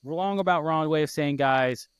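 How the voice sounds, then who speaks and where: A man's voice: fairly high pitch, clear, resonant tone, no echo. Heartfelt man telling a story. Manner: heartfelt, halting with many restarts. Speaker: podcast host. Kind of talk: emotional personal story.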